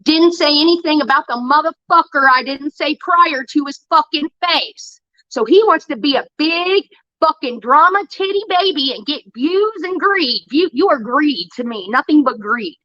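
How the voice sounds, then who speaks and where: A woman's voice: sits high, expressive, moderate pace, pushed and bright, no room sound, highs cut off. A woman livestreamer giving a heated, profane, defensive rant straight to her viewers. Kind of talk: angry ranting monologue.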